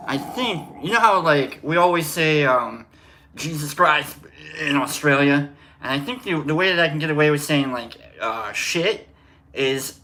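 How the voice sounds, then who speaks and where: A man's voice: a little high, pushed and bright. A man hosting a casual livestream, rambling and joking while greeting viewers by name. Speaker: livestream host.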